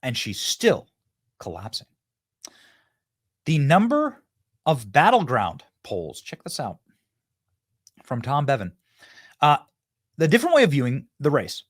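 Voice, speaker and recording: A male political show host whose voice swings widely up and down as he talks. He is emphatic and mocking and often bursts out loudly. The sound is dry and close, with no room around it. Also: medium pitch, wildly swooping pitch, a little slow, long pauses, breathy edge, no room sound. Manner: emphatic, mocking, sudden loud outbursts. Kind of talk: animated political commentary.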